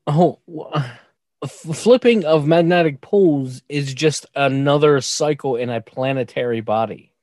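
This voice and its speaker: A man's voice: fairly high pitch, unhurried, darkish tone, dry recording. A man in casual podcast chat, joking around and playing along. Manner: joking, playful, laughs along.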